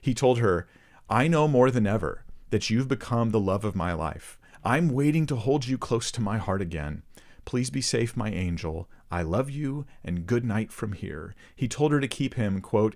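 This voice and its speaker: Low-voiced man reading a report aloud. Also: animated, normal speed, darkish tone. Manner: earnest, addresses viewers directly. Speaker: host of a Christian ministry channel.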